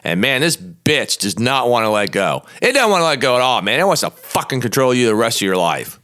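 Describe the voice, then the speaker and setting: A man's voice: mid-range voice, very animated, a little fast, few pauses, sharp tone. A man in his fifties, a lawyer hosting a show, ranting bluntly and profanely in a combative monologue. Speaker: podcast host, lawyer.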